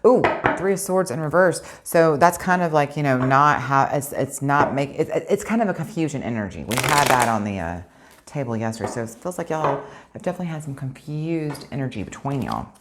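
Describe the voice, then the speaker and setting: A woman's voice: extremely low pitch, lively intonation, fairly quick, background noise. A woman giving a spiritual tarot reading, talking earnestly and a bit preachily straight to her viewers. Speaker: tarot reader.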